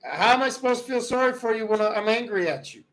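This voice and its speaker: A man hosting a livestream, ranting about politics in a heated way, swinging from loud outbursts to low muttering. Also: lively intonation, quick pace, poor audio. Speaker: livestream host. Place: rural home.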